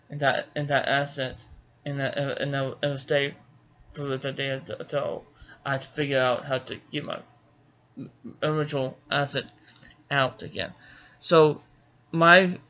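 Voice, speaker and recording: A man's voice: medium pitch, sharp tone. A middle-aged man from Georgia, a martial arts author, talking casually about himself with many stammers and restarts. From Georgia, United States. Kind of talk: casual self-introduction.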